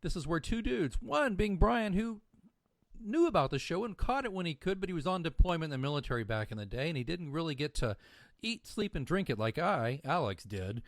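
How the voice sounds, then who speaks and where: A man's voice: on the high side, big pitch swings, fairly quick, no room sound, clean studio sound. A man co-hosting a fan podcast, talking casually and rambling upbeat about the show and its merchandise. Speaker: podcast co-host.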